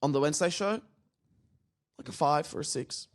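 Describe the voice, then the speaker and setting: A young comedian and podcast host chatting casually, telling animated stories and swearing freely. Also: male voice, a little high, normal speed. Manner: animated, swearing, storytelling with acted-out quotes.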